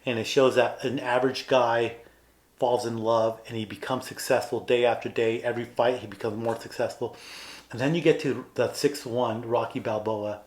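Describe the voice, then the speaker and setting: A podcast co-host in casual conversation earnestly retells film scenes, acting out the characters' lines. His medium-pitched voice is a little mellow, with fairly even intonation and a moderate pace.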